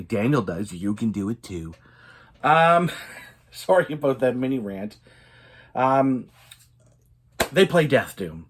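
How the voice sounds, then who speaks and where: A man's voice: mid-range voice, animated, takes it slowly, long pauses, breathy edge. Casual male vinyl reviewer, mid-range voice, foul-mouthed, rambling, prone to mini rants. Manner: profane and ranting, many fillers. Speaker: metal record reviewer.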